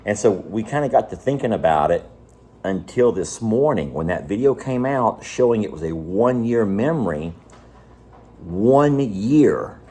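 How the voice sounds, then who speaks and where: A man, talking casually to viewers of his animal sanctuary vlog in a folksy, drawn-out way, outdoors on a farm. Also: on the low side, animated, warm tone, husky. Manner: folksy, drawn-out, slow emphasis. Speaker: animal sanctuary owner and vlogger.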